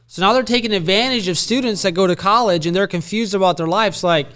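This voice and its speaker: A man co-hosting a Christian podcast, talking in an animated way as he builds up his points. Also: high-pitched, quick pace, smooth. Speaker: podcast co-host. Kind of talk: conversational Christian podcast discussion.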